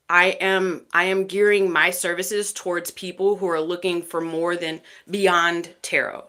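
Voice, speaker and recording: Woman, tarot livestream host, bright tone, casual and chatty, from Texas, lots of fillers. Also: fairly low pitch. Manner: chatty, warm thanks to each viewer by name, frequent fillers. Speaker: tarot reader hosting a livestream. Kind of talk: casual livestream chat greeting viewers.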